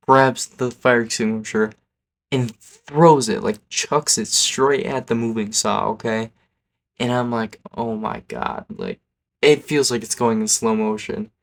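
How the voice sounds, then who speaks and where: A man's voice: medium pitch, gravelly. Rambling man telling a storytime vlog. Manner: rambling, keeps adding "okay?" and "like". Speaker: YouTuber.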